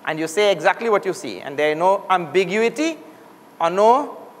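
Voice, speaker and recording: Guy from trinidad teaching a language class, high voice, lots of hall echo. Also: expressive, normal speed, a little hiss or hum. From Trinidad and Tobago. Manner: drills sounds aloud for students to repeat. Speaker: Sanskrit teacher. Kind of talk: classroom lesson. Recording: long hall reverb.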